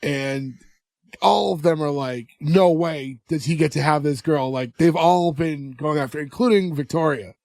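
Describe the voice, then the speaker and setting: Higher-voiced man recapping a show, dry sound. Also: measured pace, gravelly, no room sound. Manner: animated storyteller acting out dialogue. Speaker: podcast co-host recapping an episode. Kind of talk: casual chat, retelling scenes.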